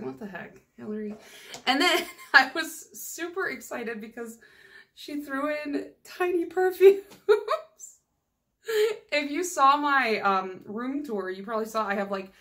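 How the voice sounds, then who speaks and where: A woman's voice: medium pitch, a bit bright. Chatty giggly woman vlogger. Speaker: nail polish vlogger. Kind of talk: casual haul video chat.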